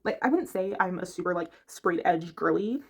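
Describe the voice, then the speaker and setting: In a lowish, expressive voice with a breathy edge and normal pace, a book reviewer chats about books from her bedroom. She rambles along and gropes for words as she goes.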